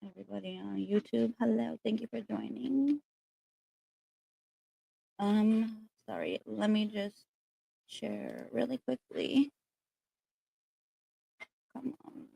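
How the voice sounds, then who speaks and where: A woman's voice: mid-range voice, big pitch swings, takes it slowly, gravelly, pauses often, mellow, slightly rough, dry recording. A woman hosting a casual spiritual livestream, chatting in a rambling way full of fillers, recorded on a laptop.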